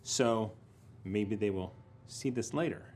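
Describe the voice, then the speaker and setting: A man's voice: lowish voice, takes it slowly, a little mellow, slightly rough. A man running a tabletop game as dungeon master, chatting casually on a live stream with laughs and trailing fillers.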